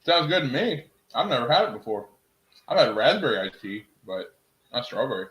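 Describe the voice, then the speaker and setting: A young man streaming from home, chatting casually with his viewers in an excitable, rambling way and laughing at himself. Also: mid-range voice, fairly quick, echoey room, slight background noise, low-quality recording. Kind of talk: casual live-stream chat.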